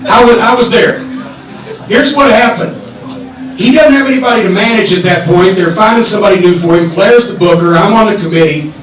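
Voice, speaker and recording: A middle-aged man with a fairly high voice tells rambling, profane stories with lots of energy on a comedy club stage. The sound bounces around a very echoey room, and he is heard from some distance off the mic. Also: a little fast. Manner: profane, animated, rambling anecdotes. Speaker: podcast host. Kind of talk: live podcast storytelling.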